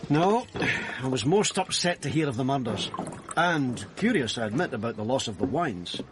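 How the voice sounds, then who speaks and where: An actor playing a fussy, flustered wine merchant in a period crime drama. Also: male voice, medium pitch, very animated, moderate pace, noisy background, natural voice. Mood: genial. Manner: fussy, flustered, nervous laughs. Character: fussy, genial older male wine merchant.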